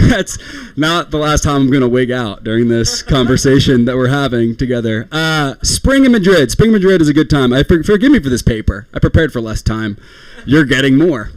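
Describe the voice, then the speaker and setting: A man's voice: mid-range voice, lively intonation, fairly quick, hardly any pauses, no room sound. A young man performing a rambling, self-deprecating stand-up comedy set, often laughing at his own jokes.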